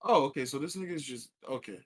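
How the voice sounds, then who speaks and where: A young man with a medium-pitched voice co-hosts a laid-back podcast. He jumps in with quick, incredulous questions and blunt jokes. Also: animated, breathy edge. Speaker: podcast co-host. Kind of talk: casual chat.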